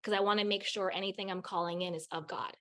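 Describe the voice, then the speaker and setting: A woman's voice: medium pitch, fairly even intonation, fast talker, a bit bright. A woman guest on a podcast, giving candid spiritual advice in a raw, blunt way, swearing freely and repeating phrases for emphasis.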